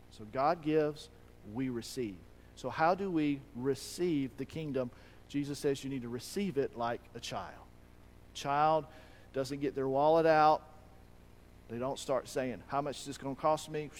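A man preaching a sermon as pastor, animated, acting out quoted voices with a rising pitch. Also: a little slow, a little hiss or hum. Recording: long reverb of a hall.

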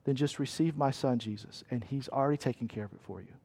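A man voicing a gentle male savior figure who speaks softly and reassuringly in a sermon. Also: medium pitch, fast, slightly rough, voice pushed down. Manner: soft, calm, reassuring.

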